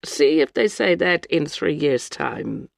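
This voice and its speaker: A reader doing a worldly Russian woman traveller who talks gravely and matter-of-factly. The voice has a gravelly, creaky edge. It is recorded dry and close, with no room sound. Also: medium pitch, animated, takes it slowly, no room sound, full character voice.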